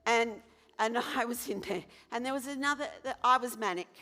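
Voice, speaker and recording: A woman's voice: a little high, normal speed. A woman telling a frank, comic personal story to an audience. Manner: frank, comic, acts out quoted voices loudly. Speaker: speaker sharing lived experience. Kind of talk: animated storytelling.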